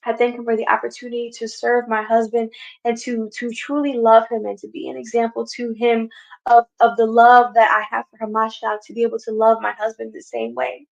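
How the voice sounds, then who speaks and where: A woman's voice: a little high, little pitch movement, fairly quick, vocal fry. A woman hosting a Bible study, teaching earnestly and repeating her phrases. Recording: dull lo-fi recording.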